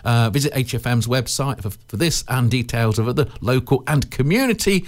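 Lively, jokey young male radio presenter. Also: medium pitch, a little fast. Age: 20s. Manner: jokey, self-mocking, lively.

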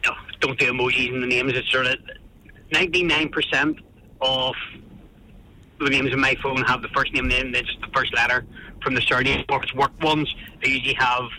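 Male caller, dry jokes, very bright tone, phoning from the car. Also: medium pitch, level tone, brisk, rough recording. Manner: dry, joking. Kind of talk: casual phone chat. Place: car, driving. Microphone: phone.

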